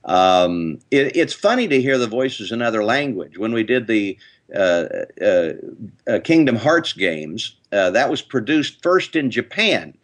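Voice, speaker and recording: Lively, animated older man storyteller. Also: medium pitch, unhurried. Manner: lively storyteller, slips into character voices. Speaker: voice actor guest. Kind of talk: interview anecdotes.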